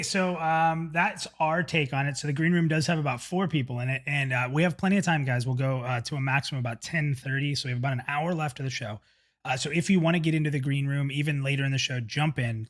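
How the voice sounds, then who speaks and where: A man's voice: medium pitch, fairly bright tone. A man hosting a live community stream in casual chat, upbeat and chatty, often restarting sentences. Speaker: livestream host.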